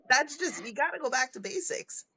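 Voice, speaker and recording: A middle-aged woman who works as a leadership coach appears as a podcast guest, speaking in a high, slightly slow voice. In this conversational interview she tells stories animatedly, acting out kids' voices and laughing often.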